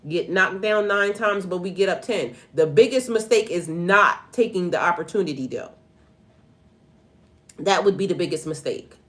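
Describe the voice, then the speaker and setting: A middle-aged woman with a lowish, slightly bright voice does a casual tarot reading on a livestream at normal speed. A tarot reader and spiritual life coach, she talks straight to viewers and breaks into laughing, profane stories.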